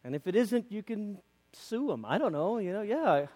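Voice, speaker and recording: A man preaching a conversational sermon as a pastor, lively and acting out quoted voices, in a church. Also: high-pitched, moderate pace, long reverb tail. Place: church sanctuary.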